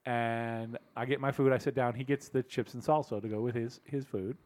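A man's voice: mid-range voice, fairly even intonation, normal speed, darkish tone. A man hosting a casual podcast, telling long rambling stories and acting out the people in them. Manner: rambling storyteller, acts out quoted people. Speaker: podcast host. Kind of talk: casual chat.

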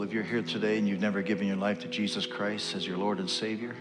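A pastor with a lowish, level voice prays earnestly over his congregation during a church service, speaking a little fast with hardly any pauses and building toward fervent pleading. The sermon prayer echoes through a long hall reverb, with instrumental worship music playing behind him.

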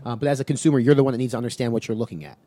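A man's voice: mid-range voice, racing, dark tone, slight background noise. A man co-hosting a podcast in casual chat, summarizing loosely and swearing now and then. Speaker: podcast co-host.

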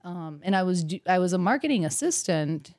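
A woman's voice: brisk, no room sound, studio quality. A young woman with a Milwaukee accent, chatting as an interview guest and acting out quotes with laughs. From South Milwaukee, Wisconsin. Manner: animated, acts out quotes in high voices, laughs often. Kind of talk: casual interview chat.

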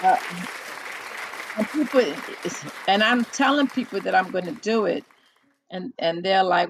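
A woman's voice: mid-range voice, moderate pace, long pauses, some chatter behind, low-quality recording. A woman hosting a podcast in casual chat with a caller, chatty and self-deprecating, laughing often and admitting she feels nervous. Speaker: podcast host.

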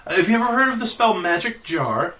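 A man's voice: big pitch swings, fast, pushed and bright, distant mic, a little hiss or hum, exaggerated voice. Man putting on a fussy, flustered crystal-trapped wizard. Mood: nervous. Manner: fussy, stammering, high and nervous.

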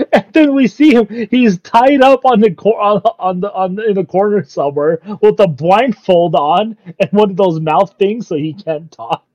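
A man in casual chat, excitedly recapping an anime episode, laughing constantly and swearing freely. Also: sits high, normal speed, hardly any pauses, no echo. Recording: dull lo-fi sound.

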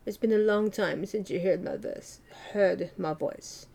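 A woman voicing an awkward, raspy English lady with a put-on British accent, speaking slowly and formally. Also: medium pitch, warm tone. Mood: grand. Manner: slow, stately greeting.

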